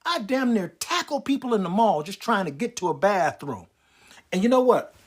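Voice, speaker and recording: Husky man, animated comic storyteller. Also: high-pitched, normal speed. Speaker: comedian and prostate cancer survivor. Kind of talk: stand-up comedy monologue.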